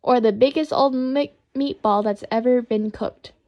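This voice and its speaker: A woman reading children's poems aloud in a playful, expressive, sing-song way. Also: a little high, a little slow, lo-fi sound.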